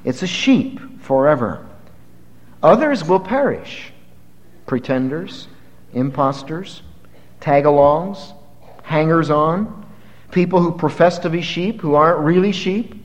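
A man preaching a sermon, emphatic, slowing down on key words and building to forceful high peaks. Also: expressive. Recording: dull lo-fi sound with long hall reverb.

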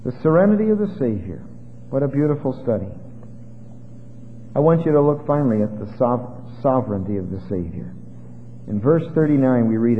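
A man preaching a sermon as pastor, swinging dramatically between loud exclamations and hushed asides. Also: medium pitch, big pitch swings, normal speed, pauses often, slight background noise. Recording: tinny phone-like sound with long hall reverb.

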